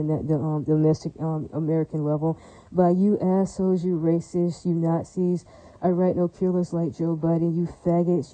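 Dark-voiced woman on a rambling rant. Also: low voice, no room sound, rough recording. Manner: rambling and repetitive, with recurring verbal tics; heated and defiant. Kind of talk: ranting monologue.

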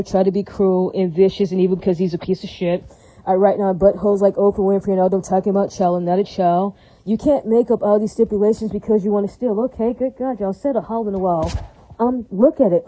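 A woman with an extremely mellow, dark-toned voice delivers a rambling monologue to her viewers. She circles back over the same points and keeps tagging "right?" onto her sentences, with short laughs slipping in. The sound is dry and close, with no room echo. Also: mid-range voice. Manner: repetitive, tags lines with "right?"; laughs between phrases.

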